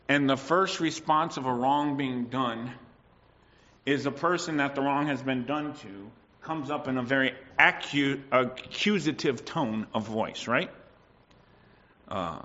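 A man delivering a sermon with a bright, forceful voice, often turning to the congregation for agreement. He acts out quoted voices along the way. The recording sounds dull and lo-fi. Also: medium pitch, expressive, unhurried, pauses often. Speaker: preacher.

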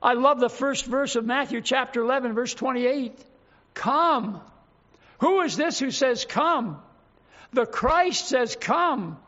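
An older man preaches a sermon in a very high, bright, forceful voice with lively intonation. He's fervent, drawing out key words for emphasis, and the recording is dull and lo-fi.

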